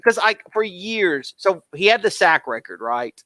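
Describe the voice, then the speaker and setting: A man co-hosting a casual sports chat, rambling and excitable, with lots of fillers. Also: sits high, moderate pace, hardly any pauses, no room sound. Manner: rambling, excitable fan talk with many fillers. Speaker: podcast co-host.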